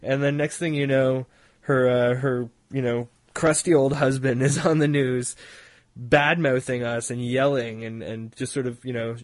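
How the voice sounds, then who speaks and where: A man's voice: medium pitch, flat delivery, a little slow, no room sound. A man from Halifax, Canada, co-hosting a podcast in casual chat, rambling with laughing asides and mocking imitations. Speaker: podcast co-host.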